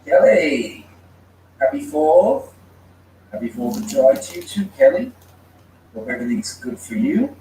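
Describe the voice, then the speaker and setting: A man's voice: a little high, very animated, measured pace, long pauses, warm tone. A man hosting a livestream, greeting viewers by name and reading their comments in casual chat. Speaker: livestream host. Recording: echoey room, mic far off, faint noise.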